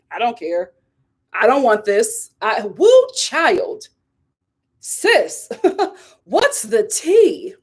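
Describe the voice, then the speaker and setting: Animated, high-voiced woman vlogger. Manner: animated, emphatic storyteller who acts out quoted voices. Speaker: vlog host and actress. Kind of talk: casual opinion chat.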